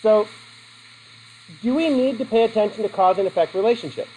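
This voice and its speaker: A man's voice: high voice, brisk, darkish tone, a little hiss or hum, rough recording. A middle-aged man teaching a class in a joking, conversational way and putting questions to his students. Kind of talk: classroom lecture.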